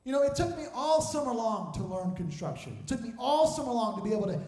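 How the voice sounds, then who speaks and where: A young man with a very high voice delivers a sermon, which echoes around a hall. He tells his story with energy, acting out the voices of the people in it. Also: fast talker. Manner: storytelling with lively quoted voices. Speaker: preacher.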